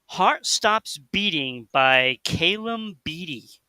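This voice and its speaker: A man co-hosting a casual radio chat about music, rambling and animated, with lots of fillers and restarts. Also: fairly high pitch, slow pace, smooth, no echo. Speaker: co-host.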